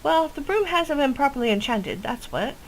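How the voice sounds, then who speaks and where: A woman's voice: high-pitched, expressive, normal speed, slight background noise, voice pushed up, low-quality recording. A woman voicing a chatty old witch who brews potions and talks in a folksy, rambling way. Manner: folksy, rambling, ends lines with "cha".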